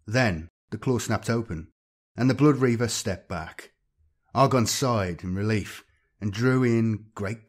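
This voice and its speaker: Male audiobook narrator for sci-fi fiction, low husky voice, steady delivery.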